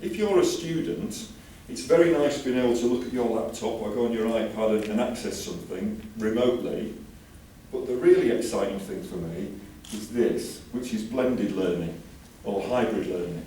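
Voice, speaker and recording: A man from the UK speaks to a conference audience with chatty enthusiasm and jokey asides. His voice is mellow and warm. He is picked up from some distance in a very echoey hall with a faint hum of ambience. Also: lowish voice, normal speed. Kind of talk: conference talk.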